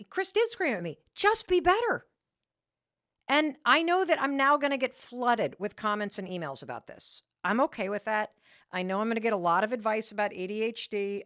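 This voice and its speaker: A woman podcast host telling a personal story to motivate her listeners, animated and emphatic, with frequent restarts. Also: medium pitch, no room sound, clean studio sound.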